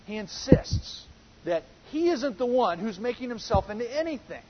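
A man's voice: extremely high pitch, lively intonation, moderate pace, muffled recording, a little hiss or hum. A male pastor preaching an earnest sermon that builds to emphatic moments.

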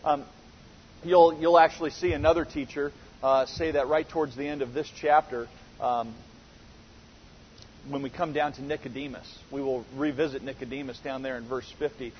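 A man's voice: mid-range voice, fairly even intonation, moderate pace, a little hiss or hum. A man teaching a verse-by-verse Bible lesson, earnest and full of rhetorical questions, often restarting his sentences. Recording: reverberant hall, dull lo-fi sound.

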